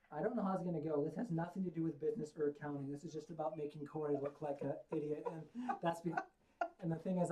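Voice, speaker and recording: Low-voiced self-mocking woman host. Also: warm tone, rough recording. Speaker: podcast host. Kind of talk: casual chat.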